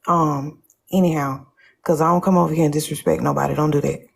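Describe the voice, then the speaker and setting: A woman joining a late-night live stream, speaking in a measured, formal way and insisting on respect. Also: low voice, fairly even intonation, vocal fry, breathy edge.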